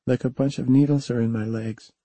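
Timid young girl in an audiobook, high and small, read by a male narrator. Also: fairly even intonation, brisk, dark tone, no room sound, close to an everyday voice. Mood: drowsy, uneasy. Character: sleepy frightened young girl.

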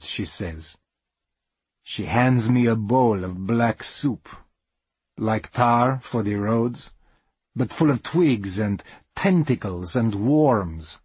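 Husky, slow-spoken middle-aged man storyteller. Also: mid-range voice, lively intonation, darkish tone, no room sound. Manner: plain non-native English, dropped articles. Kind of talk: dramatic first-person monologue.

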